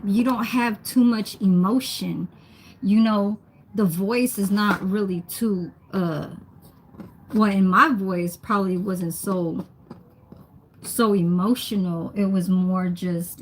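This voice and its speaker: A woman's voice: medium pitch, slow pace, a little hiss or hum. A young woman, chatting casually on a livestream while she cooks, reading comments and laughing often. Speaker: livestream host. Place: home kitchen.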